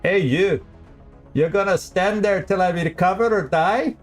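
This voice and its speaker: A foul-mouthed, wounded Scottish soldier, as a man puts him on, barking gruff insults in a raised, put-on Scottish brogue. He sounds cranky and impatient, his voice pushed up high above its usual pitch. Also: soft background music. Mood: grumbling, cursing. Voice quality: gruff, rapid-fire insults.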